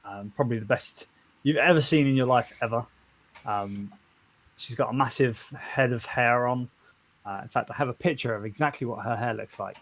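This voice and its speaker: A man narrating a tabletop game as game master over an online call, halting and restarting often. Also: mid-range voice, a bit bright. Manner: halting, full of restarts and fillers, joking.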